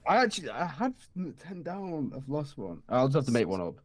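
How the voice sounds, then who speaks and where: A man's voice: medium pitch, very animated, fairly quick. A man co-hosting a casual movie podcast, scattered and swearing as he ranks films. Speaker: podcast co-host. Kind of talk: casual movie-ranking chat.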